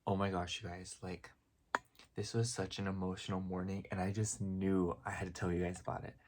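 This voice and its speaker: A man's voice: low voice, level tone, a little fast, noisy background. A young man vlogging in a comedic parody style, gushing and rambling with constant "like" fillers.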